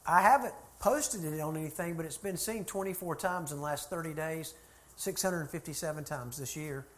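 A man's voice: a little high, moderate pace, a bit bright. A middle-aged man, a church consultant telling a folksy, chatty story to a group. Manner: folksy, chatty anecdotes with laughter.

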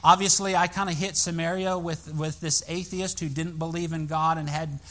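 A male pastor preaching a sermon in a church, telling a story with animated, emphatic rises in his voice. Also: fairly high pitch, normal speed.

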